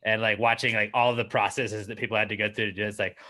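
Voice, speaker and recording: A man co-hosting a podcast, chatting casually and teasing with quick jokes. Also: fairly low pitch, level tone, bright, forceful tone. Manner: wisecracking, teasing. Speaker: podcast co-host. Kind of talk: casual chat.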